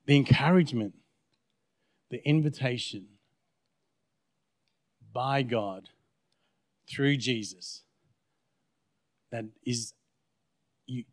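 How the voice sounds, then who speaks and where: Guest preacher, Australian man, mid-pitched, dry close sound, storytelling sermon that voices each side of a conversation. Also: dry recording. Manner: storytelling, acting out both sides of conversations. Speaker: guest pastor. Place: church.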